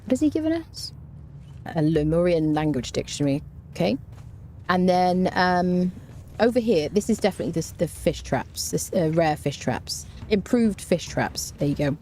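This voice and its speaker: A woman's voice: fairly low pitch, normal speed, darkish tone, slight background noise. A woman streamer giving chatty, rambling live commentary while she plays a game, often saying "there you go.".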